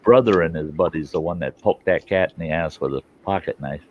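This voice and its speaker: Casting: low-voiced man, casual rambling storyteller, salty and laughing, lo-fi recording. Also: brisk. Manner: rambling, laughs a lot, folksy and profane. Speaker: host. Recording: dull lo-fi sound with faint hiss.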